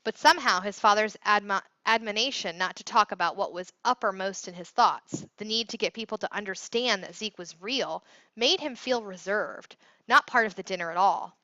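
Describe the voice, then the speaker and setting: A woman narrating a novel aloud in a steady storytelling manner. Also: mid-range voice, normal speed, no echo. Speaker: audiobook reader. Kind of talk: scripted narration. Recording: dull dry recording.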